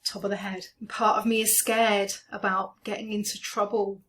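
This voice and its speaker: A woman coaching a guided EFT tapping session, speaking slowly and gently as she names each tapping point. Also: mid-range voice, little pitch movement. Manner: slow, gentle, soothing guidance.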